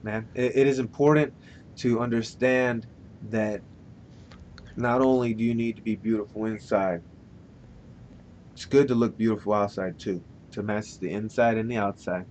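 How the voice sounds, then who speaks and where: A man's voice: steady tone, moderate pace, pauses often, a little mellow. A man co-hosting a podcast, laid-back and rambling, swearing freely, talking with a dry mouth. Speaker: podcast co-host. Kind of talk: casual chat. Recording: dull lo-fi recording with faint rumble.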